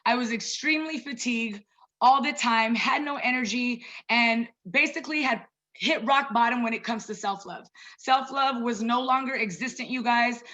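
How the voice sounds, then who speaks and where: Bright high-voiced woman on a video call. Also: moderate pace, muffled recording. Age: 30s. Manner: chatty and personal, addresses listeners as "you guys". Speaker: wellness coach presenting to a group. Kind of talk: casual online presentation.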